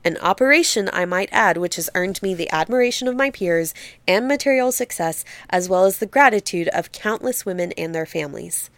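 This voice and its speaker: A woman's voice: lowish voice, expressive, brisk, no room sound. A woman playing a pompous Victorian male surgeon. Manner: pompous, self-assured. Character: smooth, self-satisfied Victorian male surgeon.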